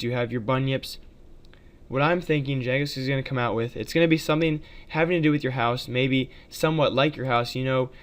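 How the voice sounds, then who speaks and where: A man talks over gameplay for his channel in a loose, chatty way, with plenty of fillers and frequent asides to his viewers. His voice is smooth and clear, and his pitch sits in a middle range. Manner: chatty, addresses viewers as guys, many fillers. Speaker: gaming video creator. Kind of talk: casual gameplay commentary.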